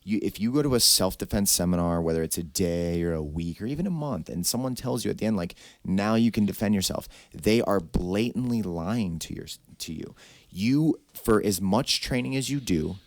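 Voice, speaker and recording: A man's voice: deep voice, no room sound. A man, a podcast host and martial arts instructor, talking emphatically and bluntly in casual podcast chat.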